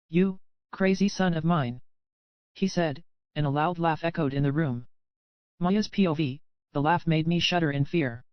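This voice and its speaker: Audiobook narrator, woman, steady first-person storytelling; smooth tone, lo-fi dry recording. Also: sits low, dry recording. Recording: dry, slightly dull lo-fi audio.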